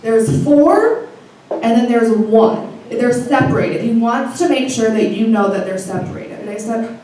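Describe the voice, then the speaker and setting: Brief: young woman, comic storyteller, unhurried, lively pitch, echoey far-off hall sound. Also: slight background noise. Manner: laughing, profane, casual. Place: live stage before an audience.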